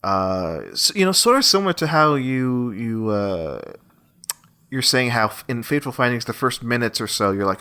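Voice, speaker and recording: A man's voice: medium pitch, moderate pace. A man co-hosting a casual film podcast, telling stories with lots of laughter. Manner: animated, laughing storyteller. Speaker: podcast co-host.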